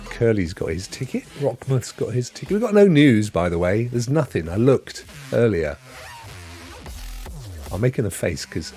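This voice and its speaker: A man's voice: mid-range voice, a little mellow. A British man hosting a casual live-stream about gaming, chatty and rambling, reading the chat aloud and laughing often. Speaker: gaming show host.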